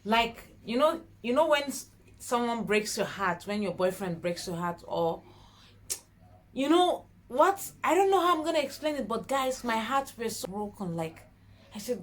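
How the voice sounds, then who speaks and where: A young woman tells a personal story straight to her viewers, emotional and earnest. She keeps calling out to them as "guys" and acts out the prayers and conversations. Her voice sits a little high. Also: very animated, moderate pace. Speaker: vlogger.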